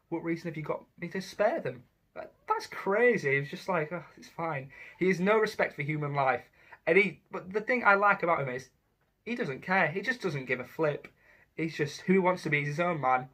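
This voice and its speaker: A man's voice: on the high side, sharp tone. A young man giving a chatty, enthusiastic and slangy commentary as a YouTuber ranking villains.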